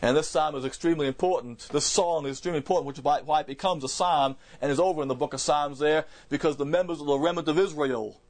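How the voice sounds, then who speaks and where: A man's voice: a little high, fast talker, hardly any pauses. A man preaching a verse-by-verse Bible sermon in an emphatic way, repeating words and restarting phrases as he explains.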